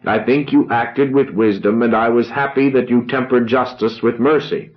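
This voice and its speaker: A man reading a novel aloud, voicing a grandiose young orator who speaks solemnly with dramatic pauses. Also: medium pitch, steady tone, dull audio, close to an everyday voice.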